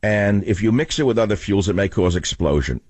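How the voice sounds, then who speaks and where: A man's voice: lowish voice, animated, a little fast, darkish tone, no echo. An older man hosting a political talk radio show, lecturing his listeners in a combative, emphatic monologue.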